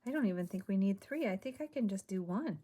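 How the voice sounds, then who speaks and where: A woman's voice: medium pitch, lively intonation, fast talker, warm tone, husky. A woman hosting a crafting video, chatting casually and half-muttering to herself as she works at home.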